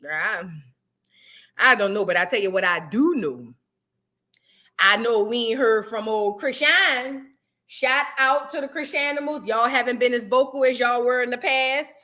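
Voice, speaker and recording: New woman hosting a livestream, high voice, animated storytelling. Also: moderate pace. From New Orleans, USA. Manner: chatty, animated storyteller with slangy asides. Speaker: livestream host. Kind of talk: casual livestream chat.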